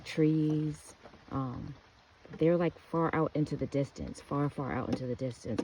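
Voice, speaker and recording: A woman's voice: deep voice, mellow, slight background noise, low-quality recording. An American woman telling an earnest, rambling personal story with restarts. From United States. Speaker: speaker giving a testimony.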